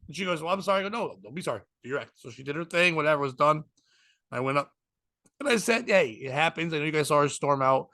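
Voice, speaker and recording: Bright-voiced man telling a story. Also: a little high, lively intonation, fast talker, dry recording, studio quality. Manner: rambling, profane, acts out quoted voices. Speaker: podcast host and stand-up comic. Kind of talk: casual storytelling chat.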